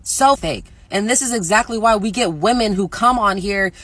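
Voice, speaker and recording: A woman delivers a blunt, profane rant. Her voice is bright and forceful, and it sounds close and dry. She mocks other people by mimicking them in a high sing-song voice. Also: normal speed, no room sound. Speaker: reaction video creator. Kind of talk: ranting commentary.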